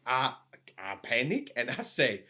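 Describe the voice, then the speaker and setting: A man's voice: mid-range voice, wildly swooping pitch, a little slow, bright, forceful tone, exaggerated voice. A man playing a lonely, put-upon father of eight boys in improvised comedy, rambling and earnest. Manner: rambling, earnest, laughs mid-sentence. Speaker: podcast co-host. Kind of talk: improvised comedy role-play.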